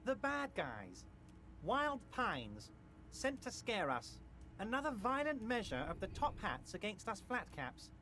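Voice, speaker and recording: A scheming old union boss. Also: male voice, sits high, huge pitch swings, a little slow, slight background noise, heavily acted. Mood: schmoozing. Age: older. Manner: smooth, ingratiating, theatrical. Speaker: union boss in a video game. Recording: game audio over loud music.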